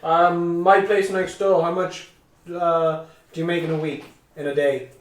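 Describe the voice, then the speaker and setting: A man's voice: on the high side, flat delivery, unhurried. A man playing in a tabletop game, blunt and joking. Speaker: player. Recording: echoey and distant with faint noise.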